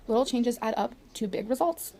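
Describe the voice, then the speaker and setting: A woman's voice: a little high, animated, a little fast, warm tone. A woman vlogger talking casually to her viewers and reading her notes aloud, apologetic and chatty. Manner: apologetic, chatty, giggly asides.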